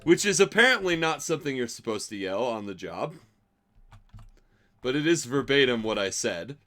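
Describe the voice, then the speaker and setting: A man's voice: medium pitch, sing-song, moderate pace, sharp tone. A young man telling a rambling, profanity-laced story about a bad job, exasperated and wry. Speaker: streamer telling stories. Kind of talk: casual storytelling.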